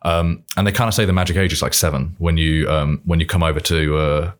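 Deep-voiced British guy chatting. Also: steady tone, fairly quick. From Britain. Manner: rambling, self-correcting, laughs often. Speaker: podcast guest. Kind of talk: casual chat.

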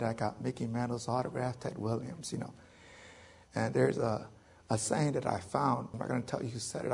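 A man in his thirties with a heavily gravelly, rough, raspy voice. He tells his own story to a lecture audience, halting and restarting often, with joking asides. His pitch sits mid-range for a man. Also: darkish tone. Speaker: military veteran speaker. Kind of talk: personal story in a public lecture.

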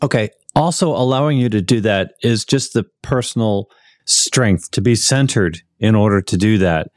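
A man hosting a podcast interview, asking measured, thoughtful questions. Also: lowish voice, dry recording, clean studio sound. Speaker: podcast host.

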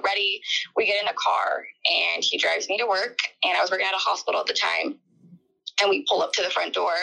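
Woman with a gravelly, bright voice. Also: fairly low pitch, low-quality recording. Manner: halting, emotional retelling with many fillers. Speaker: interviewee. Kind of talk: personal testimony in an interview.

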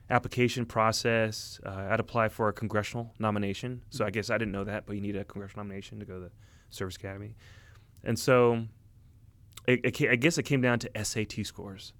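A man in his thirties, telling his story as an interview guest in earnest, halting casual talk with many fillers. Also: fairly low pitch, clean tone, no room sound. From United States. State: emotional, near tears. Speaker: interview guest, Army officer. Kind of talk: casual conversation.

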